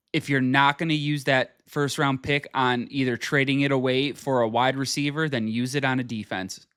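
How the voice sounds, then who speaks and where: Male sports talk host, mid pitch, blunt and emphatic, dry close recording. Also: a bit bright, dry recording. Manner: blunt, emphatic, repeats himself, swears. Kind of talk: casual opinionated sports talk.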